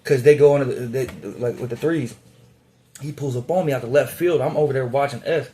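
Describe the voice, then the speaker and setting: A young man from Indiana telling a casual prison storytime, profane and animated, getting louder as it heats up. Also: medium pitch, a little fast. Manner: profane, animated, gets louder when worked up.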